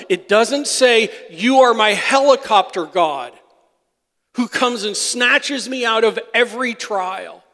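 A man preaching a sermon as pastor, emphatic, swinging between loud peaks and soft asides. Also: high-pitched. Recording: long hall reverb.

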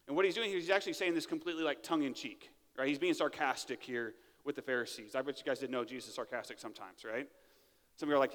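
A man's voice: a little high, expressive, fast, fairly bright tone, in a large hall. A man preaching a sermon in a church, talking in a conversational way and often checking in with "right?". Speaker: pastor. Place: church sanctuary.

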